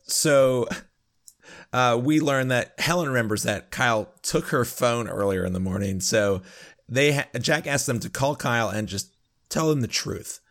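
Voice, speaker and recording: A man's voice: medium pitch, unhurried, fairly bright tone. A man recapping a TV episode from his notes in a casual chat with friends, cracking jokes along the way. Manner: plays up jokes, given to laughing. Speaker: podcast co-host.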